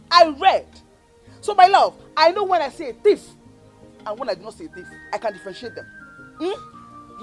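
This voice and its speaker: A scornful Nigerian bully sister. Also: female voice, sits high. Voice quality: loud, mocking, taunting. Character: scornful bossy young woman bully. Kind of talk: Nollywood film acting.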